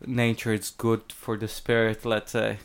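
A man's voice: on the low side, completely flat delivery, unhurried, clear, resonant tone. A man co-hosting a podcast, giving a thoughtful casual film critique with frequent hesitations. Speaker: podcast co-host.

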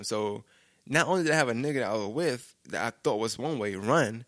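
A man's voice: medium pitch, animated, brisk, fairly bright tone, dry recording, studio quality. A young man, telling a rambling street story in casual slang with frequent restarts. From Brooklyn, New York.

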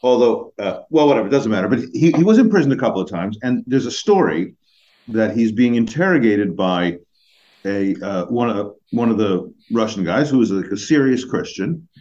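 A man with a lowish voice tells a story slowly and hesitantly, stopping for fillers and restarts. The recording sounds somewhat dull and muffled. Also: animated, mellow. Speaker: rabbi, co-host. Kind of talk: casual storytelling.

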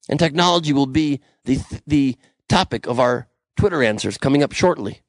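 A man's voice: mid-range voice, lively intonation, moderate pace, few pauses, dry recording. A young man hosting a podcast, reading the news with sarcastic, ranting commentary and frequent swearing, recorded alone in a small room. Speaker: podcast host.

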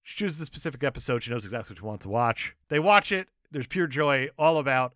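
A man co-hosting a podcast, recapping a TV episode in casual chat, animated and jokey, acting out quotes. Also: mid-range voice, fast talker, no echo, studio quality. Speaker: podcast co-host.

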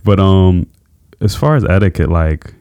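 A man with a very low, smooth, resonant voice co-hosts a casual podcast. He speaks in a relaxed way with easygoing slang, and the sound is close and dry. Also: unhurried, no room sound, lo-fi sound. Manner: relaxed, laid-back slang. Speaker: podcast co-host. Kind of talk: casual chat.

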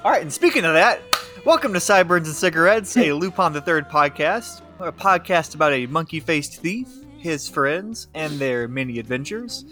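A man hosting a casual podcast, talking in a relaxed way with fillers and laughs. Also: a little high, normal speed, faint music behind. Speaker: podcast host.

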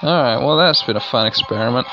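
A man hosting a let's play, rambling excitably through casual game commentary and swearing now and then. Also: mid-range voice, fast talker. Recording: dull lo-fi recording with game music.

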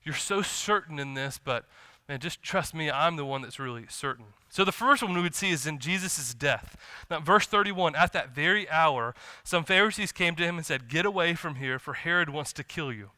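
A man's voice: on the high side, expressive, normal speed, few pauses, sharp tone, smooth, no echo. A man preaching a sermon in church, talking conversationally and acting out the dialogue of the scriptures he quotes. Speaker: pastor.

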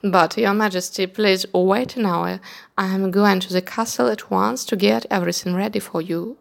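A woman's voice: mid-range voice, steady tone, moderate pace, creaky, close to an everyday voice. Woman reading as a firm, scheming storybook cat. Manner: firm, commanding. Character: sly male cat servant, firm and scheming.

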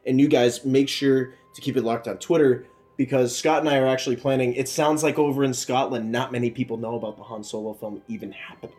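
A man's voice: medium pitch, little pitch movement, fast, darkish tone. A young man co-hosting a casual podcast, rambling and laughing easily. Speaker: podcast co-host.

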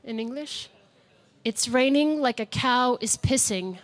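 A woman's voice: a little high, unhurried. A woman hosting a word game at an outdoor live radio broadcast, playful and upbeat. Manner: playful and upbeat, laughs often.

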